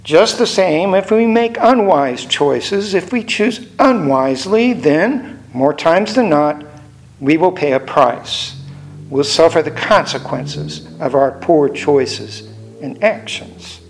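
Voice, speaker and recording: An older man preaching a sermon in a measured way, repeating phrases for emphasis. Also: a little high, expressive, slight background noise.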